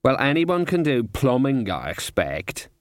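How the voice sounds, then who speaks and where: A man's voice: medium pitch, wildly swooping pitch, a little slow, dry recording, studio quality. A fussy, know-it-all talking raven, as a man puts it on. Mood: lecturing. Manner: chatty, lecturing with trivia.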